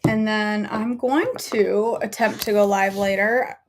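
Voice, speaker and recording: A woman hosting a live devotional stream, praying aloud for friends with halting pauses, then chatting to viewers. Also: mid-range voice, fairly even intonation, slight background noise. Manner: halting prayer with many ums and restarts, warm repeated thanks. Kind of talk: spoken prayer, then casual sign-off. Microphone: phone or webcam on a live stream.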